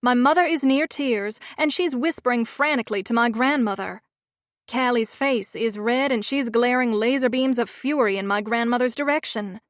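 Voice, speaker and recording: Woman reading a romance book, wry and sardonic, highish voice, dead dry close mic. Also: moderate pace, no echo. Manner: wry, sardonic first-person storytelling. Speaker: audiobook narrator. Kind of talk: first-person romance audiobook narration.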